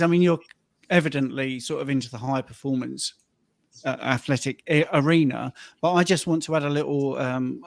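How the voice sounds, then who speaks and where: A man hosting a casual podcast chat and telling stories, lively when quoting people. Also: on the high side, no echo. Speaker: host and fitness coach. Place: his own training and rehab room.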